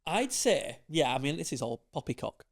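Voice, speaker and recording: A man's voice: fairly high pitch, sing-song, normal speed. A man co-hosting a podcast, sceptical and teasing in casual chat. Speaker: podcast co-host.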